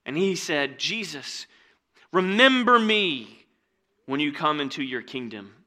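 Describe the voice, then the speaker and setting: A male pastor preaching a sermon and reading scripture, swinging from hushed, slow lines to loud, emphatic ones. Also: a little high, expressive. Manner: dramatic, swings between hushed and loud, slows on key phrases.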